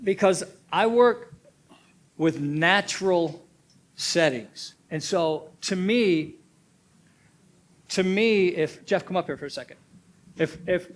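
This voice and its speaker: A man leading a church drama workshop, giving instruction and repeating key points, often checking in with "okay?". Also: high-pitched. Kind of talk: teaching seminar.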